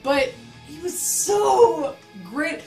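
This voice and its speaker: Here is a woman with a fairly high, very lively voice, co-hosting a casual chat. She is enthusiastic and swears freely. She is recorded in an echoey room with faint music behind her. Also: drawn-out words. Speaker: co-host. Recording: roomy echo.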